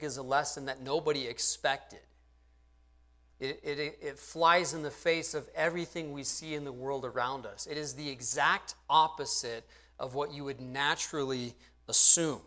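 A man's voice: a little high, a bit bright. A man in his thirties preaching a sermon, earnest and conversational, often asking his listeners rhetorical questions. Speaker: pastor.

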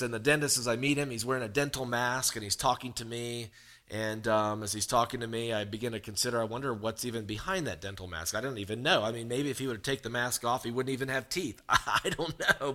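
A man's voice: fairly high pitch, sharp tone. A man preaching a sermon, telling a long personal story with humor and animation.

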